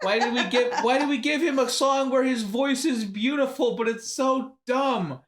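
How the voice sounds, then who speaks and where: A man's voice: extremely high pitch, normal speed, fairly bright tone. A man co-hosting a casual movie review chat, sarcastic and swearing often, laughing mid-sentence. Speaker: podcast co-host.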